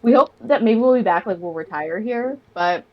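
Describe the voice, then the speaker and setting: A woman's voice: medium pitch, lively intonation, moderate pace, lo-fi sound. A woman chatting enthusiastically as a podcast guest in a casual conversation. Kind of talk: casual chat.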